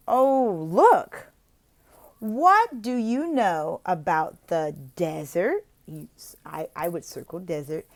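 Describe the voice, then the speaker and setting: A woman from the United States explaining how to teach online English lessons, switching between casual advice and slow, exaggerated teacher talk. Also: mid-range voice, darkish tone. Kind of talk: instructional vlog with role-played teaching examples.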